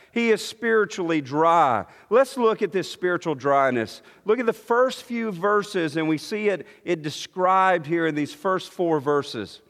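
A man with a high voice preaches slowly and deliberately, explaining scripture in an earnest teaching tone. He often restarts his phrases as he works toward a point. His voice rings out with a long reverb, as in a large church hall. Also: a bit bright. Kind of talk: sermon.

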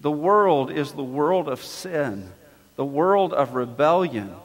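Slow, emphatic preacher in a reverberant hall. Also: male voice, sits high, a bit bright. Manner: emphatic, repeats key words with dramatic pauses. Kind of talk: sermon.

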